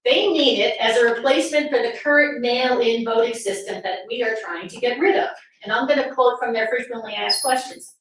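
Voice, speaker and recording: A woman with a fairly high voice gives a talk to a live audience. She is sarcastic and asks pointed rhetorical questions. The sound comes from a distance in a very echoey room. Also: fairly quick, fairly bright tone. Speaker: speaker at a political summit. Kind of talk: presentation talk. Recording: very echoey room from far off, faint noise.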